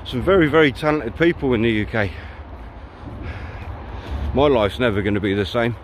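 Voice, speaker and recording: Chatty, swearing hiker. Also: male voice, medium pitch, lively intonation, normal speed, slight background noise. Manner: chatty, blunt, swears freely. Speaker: hiking vlogger. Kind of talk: casual walking vlog monologue. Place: outdoors on a riverside countryside path.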